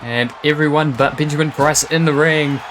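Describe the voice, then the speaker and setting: A man doing live play-by-play wrestling commentary, reacting with quick gasps and exclamations. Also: on the high side, fairly even intonation, crowd noise, background noise.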